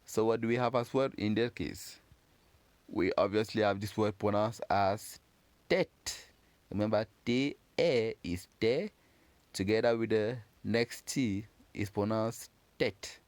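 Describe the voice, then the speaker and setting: A man giving a patient pronunciation lesson, slowly repeating words and encouraging learners. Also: lowish voice, darkish tone, no room sound. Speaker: French teacher.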